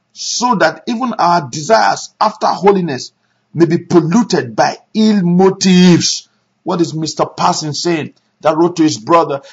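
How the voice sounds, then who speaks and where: A male pastor preaching a sermon, animated, with sudden shouts and hushed asides. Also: fairly high pitch, slightly rough, muffled recording.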